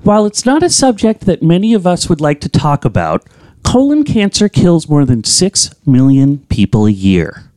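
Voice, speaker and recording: Man doing a warm, motherly newswoman, raised pitch, measured and earnest. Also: huge pitch swings, no room sound. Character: warm motherly female news anchor.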